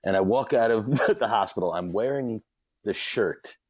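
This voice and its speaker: A man's voice: fairly low pitch, normal speed, darkish tone, breathy edge, dry recording. A man, a podcast guest, telling a comic story with big energy, often laughing mid-sentence and acting out the quotes.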